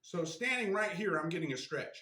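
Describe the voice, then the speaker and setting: Recorded by a camera mic in an echoey room, a martial arts instructor chats through stretches, a bit strained and often saying "right?". His high voice is bright and forceful, a little fast, with lively intonation.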